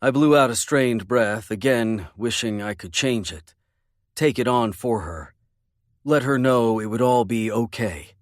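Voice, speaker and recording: A man narrating a first-person romance audiobook in a measured, intimate way. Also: medium pitch, no echo, clean studio sound.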